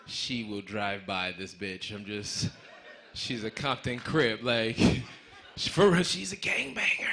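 A man doing a stand-up comedy set on a club stage, joking loudly and working the crowd. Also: medium pitch, slight background noise. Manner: loud, playful crowd work.

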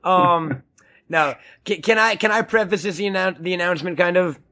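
A man's voice: high-pitched, moderate pace, bright, forceful tone. A man co-hosting a podcast, joking around in a crude, rambling way with lots of restarts. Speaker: podcast co-host. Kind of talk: casual podcast chat.

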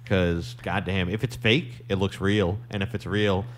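A man in casual chat, answering eagerly with quick short replies. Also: low voice, steady tone, slight background noise.

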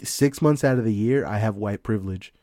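A man's voice: fairly low pitch, a little fast, dark tone, no room sound, clean studio sound. A young man chatting casually on a podcast, telling rambling, profane stories and laughing often. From Mexican heritage. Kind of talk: casual chat.

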